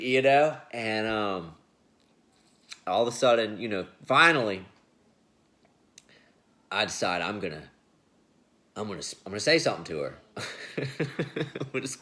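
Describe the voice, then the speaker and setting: A man's voice: lowish voice, lively intonation, unhurried, long pauses, bright, forceful tone. An adult man telling a story in a casual, rambling monologue, laughing often and restarting sentences as he hosts his show.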